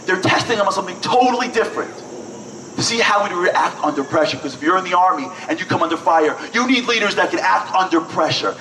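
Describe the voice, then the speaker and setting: A man's voice: high-pitched, reverberant, distant mic, background noise. A man telling a story at a breakfast event, acting out the people in it. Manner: animated, acts out quoted voices. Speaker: speaker. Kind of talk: storytelling speech. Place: event hall.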